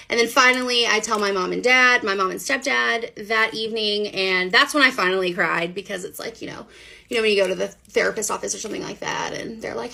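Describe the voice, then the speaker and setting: A woman telling her own story to the camera in a casual, animated, chatty way. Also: a little high, gravelly. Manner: animated, chatty, many fillers. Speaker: storyteller sharing a personal story.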